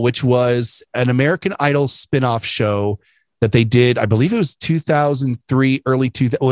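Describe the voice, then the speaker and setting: A man co-hosting a laid-back podcast, chatty and quick to joke. His voice sits in the middle range and sounds dry and close to the mic. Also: mid-range voice, no room sound. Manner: chatty, jokey, lots of laughing. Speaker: podcast co-host. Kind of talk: casual chat.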